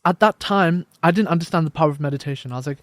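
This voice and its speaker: A young man guest on a podcast, telling his story in casual conversation and acting out quoted dialogue with lively shifts. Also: a little high, very fast, dry recording, studio quality. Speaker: podcast guest, life coach.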